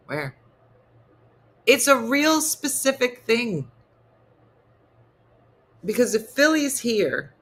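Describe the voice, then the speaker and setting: A woman's voice: medium pitch, bright, forceful tone. A woman with a New Jersey accent hosting a casual comedy livestream, reading viewer comments and teasing them in playful mock disgust. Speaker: comedy morning show host.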